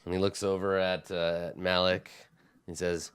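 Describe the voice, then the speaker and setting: A man's voice: low-pitched, fairly even intonation, normal speed, clean tone, dry recording, studio quality. A man narrating a tabletop game as game master, describing the scene unhurriedly.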